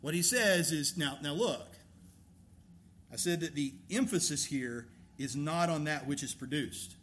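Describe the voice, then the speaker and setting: A man preaching a sermon as a pastor, emphatic and animated, asking rhetorical questions. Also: a little high, unhurried, slight background noise.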